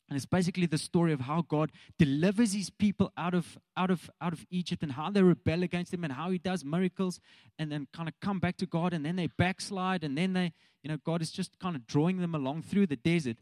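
Brief: South African male preacher, thirties, fairly high voice, relaxed chatty sermon delivery, close dry sound. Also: brisk, no echo. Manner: casual, chatty, addresses congregation directly. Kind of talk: conversational sermon.

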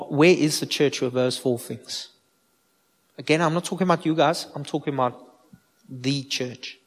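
A man, a pastor giving an informal sermon and asking his listeners direct questions. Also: on the high side. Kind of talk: conversational sermon. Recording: long hall reverb.

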